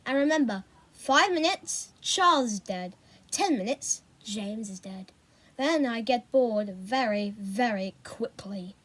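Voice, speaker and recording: A woman's voice: fairly high pitch, very animated, a little slow, sharp tone, heavily acted. Woman doing a cold, menacing villain man.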